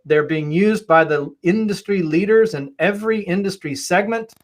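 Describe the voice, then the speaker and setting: A man's voice: high voice, normal speed. A man on a webinar panel giving emphatic, persuasive answers about agile leadership, often repeating words as he starts a thought.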